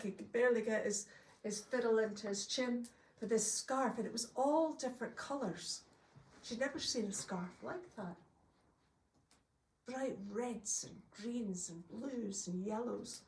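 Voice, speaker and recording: A woman telling a folk tale to a live audience, lively and laughing often as she acts out the voices. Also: a little high, normal speed, a little hiss or hum. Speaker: storyteller. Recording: roomy, from a distance, faint ambience.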